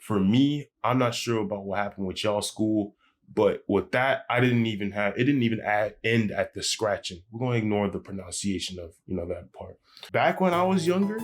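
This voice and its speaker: A man hosting a casual reaction video, chatty, laid-back and slangy. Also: fairly low pitch. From United States. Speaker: YouTube reaction host.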